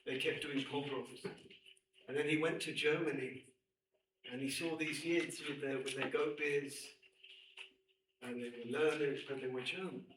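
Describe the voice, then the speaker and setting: A middle-aged man, a rabbi, lecturing women students and telling a personal story with emphatic, animated delivery. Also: medium pitch, measured pace, pauses often. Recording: echoey room, distant mic, faint noise.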